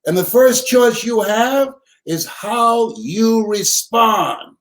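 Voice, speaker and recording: An older man giving a live motivational talk, telling stories like a preacher, repeating words and shouting out his punchlines. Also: sits high. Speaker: motivational speaker.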